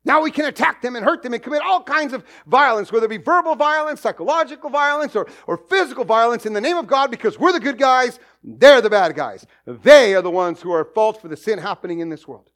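A middle-aged man preaching from the pulpit, his voice sitting unusually high for a man. He swings through a lively range of pitch, joking and playing out little scenes as he makes his points. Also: fast talker, hardly any pauses. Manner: animated, jokey preaching with acted asides. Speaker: pastor. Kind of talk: sermon.

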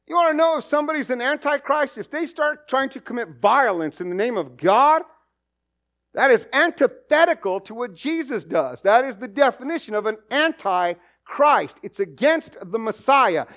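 A middle-aged man preaching a sermon as pastor, animated and jokey, with acted asides. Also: very high-pitched.

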